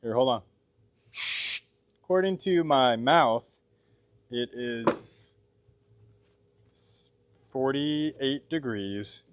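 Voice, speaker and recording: A man's voice: medium pitch, drawn-out words, pauses often, background noise. Chatty blacksmith man reading his chat. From Washington State, USA. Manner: chatty, laughs often, reads chat aloud and answers. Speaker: blacksmith livestreamer. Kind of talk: casual livestream chat while working. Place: blacksmith workshop.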